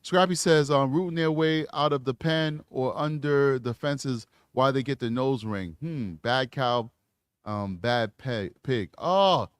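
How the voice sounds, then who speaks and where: American guy hosting a live true crime stream, preachy and rambling, kinda high voice, dry sound. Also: smooth, dry recording. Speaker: true crime show host. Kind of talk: live commentary reacting to clips and chat.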